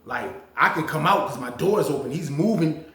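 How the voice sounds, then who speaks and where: A man casually telling a story on his channel, slangy and animated, acting out what others said with big jumps in his voice. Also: fairly quick, roomy sound. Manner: animated, slangy, acts out others' lines with big pitch swings.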